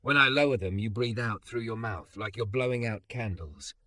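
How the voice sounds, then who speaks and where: A man voicing a calm young man who counts someone through their breathing, speaking slowly, steadily and reassuringly. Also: medium pitch, no echo, clean studio sound, natural voice.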